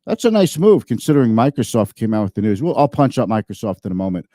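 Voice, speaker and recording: A man's voice: lowish voice, sing-song, fast talker, mellow, no room sound. A man hosting a finance show, giving casual market commentary in a chatty, thinking-aloud way and often correcting himself mid-sentence.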